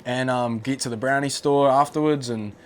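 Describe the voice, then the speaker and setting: A man's voice: medium pitch, fairly even intonation, normal speed, slight background noise. A young man in his twenties with a New Zealand accent, a podcast guest telling stories in laid-back, swear-heavy slang. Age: 20s. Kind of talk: casual storytelling chat.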